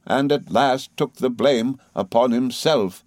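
Guy putting on a stern old aunt voice, slow and clipped, a bit higher, dry close sound. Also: a little mellow, no echo, natural voice. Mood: firm, composed. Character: stern composed elderly aunt, woman.

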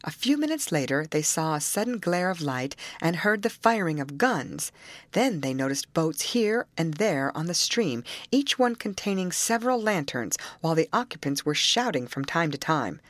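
A woman narrating a novel aloud in measured, scripted storytelling. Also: deep voice, sing-song, no echo. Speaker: audiobook narrator.

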